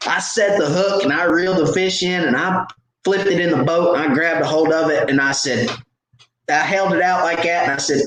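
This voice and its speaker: A man with a fairly high voice hosts a live question session and spins an animated, self-mocking story. His voice bounces around an echoey room. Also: moderate pace, a little hiss or hum. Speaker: host. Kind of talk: casual storytelling.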